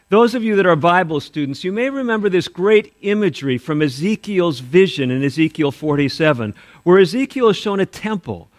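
A man preaching a sermon, quoting scripture aloud and swinging between emphatic rises and quiet drops. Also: high voice. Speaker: pastor.

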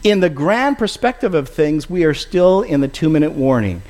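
A man's voice: on the high side, very animated, normal speed, a little mellow. A man preaching a sermon and leading a closing prayer, earnest and pleading, often calling his listeners friends.

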